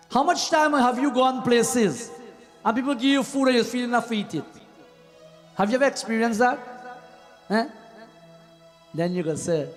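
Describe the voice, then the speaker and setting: A man giving a devotional sermon as a pandit, preaching and often dropping to a low murmur on repeated refrains. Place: temple hall. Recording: long hall reverb with faint music.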